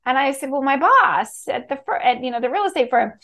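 A middle-aged woman from Key West, a real estate executive telling stories in a bubbly, animated way as a podcast guest. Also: high-pitched, fairly quick. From Key West, Florida. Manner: bubbly, animated, acts out quoted voices. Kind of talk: casual storytelling interview.

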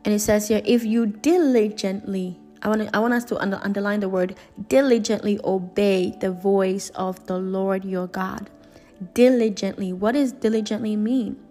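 Woman preacher, mid-pitched, emphatic and repetitive, faint music underneath. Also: fairly even intonation, normal speed, few pauses, darkish tone. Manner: earnest, repetitive, emphatic preaching with many restarts. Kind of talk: sermon.

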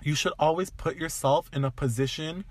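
A man's voice: a little high, moderate pace, no room sound. A man from Toronto, co-hosting a casual chat, blunt and emphatic, swearing freely and getting heated. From Toronto, Canada. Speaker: podcast co-host.

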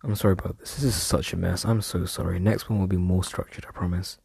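Husky, gravelly young man rambling. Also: sits low, fairly even intonation, fast talker, a little mellow, no room sound, clean studio sound. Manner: rambling, trails off, self-mocking slang. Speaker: podcast host. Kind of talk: casual rambling monologue. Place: room at home.

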